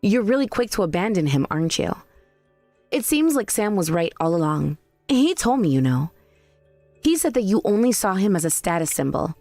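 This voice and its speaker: A woman voicing a calm, pointed young daughter-in-law in a text-message story drama. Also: mid-range voice, normal speed, no echo, soft background music. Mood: cutting. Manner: calm, cutting.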